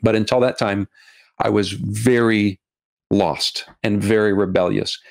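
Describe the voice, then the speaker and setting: A middle-aged man, a documentary filmmaker as a podcast guest, talking earnestly and haltingly, often restarting and repeating words. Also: on the low side, steady tone, vocal fry. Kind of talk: podcast interview.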